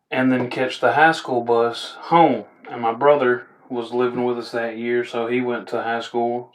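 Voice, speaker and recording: Guy just chatting, telling funny stories, loose and rambly, mid-pitched voice. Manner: rambling, laid-back, chuckling asides. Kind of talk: casual storytelling.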